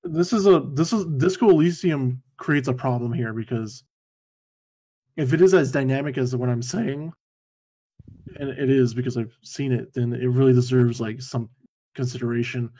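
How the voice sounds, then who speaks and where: A man talking through a list of games in a laid-back manner, dropping dry, wry remarks. His voice is dark and mellow. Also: mid-range voice, normal speed, husky. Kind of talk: casual game-discussion chat.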